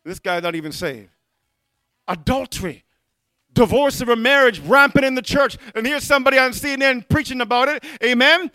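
Fervent male preacher, very high and sharp voice, dry close sound, sermon delivery punctuated by amens. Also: fairly quick, no echo. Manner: mocking impressions of other preachers.

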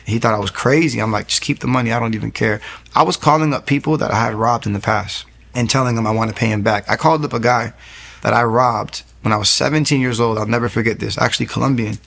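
A man in his thirties, giving an earnest faith testimony as a guest in fast storytelling with many restarts. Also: mid-range voice, gravelly, a bit bright.

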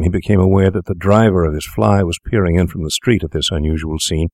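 A man narrating a classic story aloud in a measured, formal storytelling manner. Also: sits low, a little mellow, dry recording, studio quality. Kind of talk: audiobook narration.

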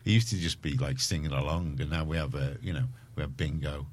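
A man's voice: a bass voice, brisk, slight background noise. A man with a Liverpool accent presenting a community radio show, chatting casually in a rambling, self-mocking way. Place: radio studio.

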